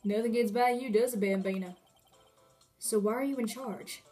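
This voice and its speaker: A woman's voice: fairly high pitch, normal speed, dark tone, soft background music, natural voice. A woman voicing a swaggering male cowboy police officer with a put-on Texan drawl and folksy sayings.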